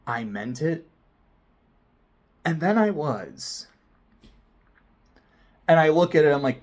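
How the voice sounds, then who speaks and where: Man, vlogger, lively swooping pitch, unhurried delivery, casual swearing. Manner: animated, swings between loud excited bursts and quiet near-whispers; frequent swearing, casual slang. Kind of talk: casual personal storytelling.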